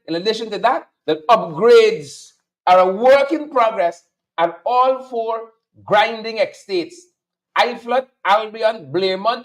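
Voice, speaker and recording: A man with a Guyanese accent hosting a political commentary show, talking in a sarcastic, mocking way and repeating lines for emphasis. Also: sits high. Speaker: show host.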